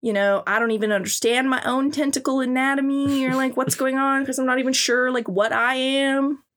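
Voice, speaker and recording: Casting: sheepish, apologetic gentleman tentacle monster, a woman voicing him, light and high. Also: fairly even intonation, a little fast.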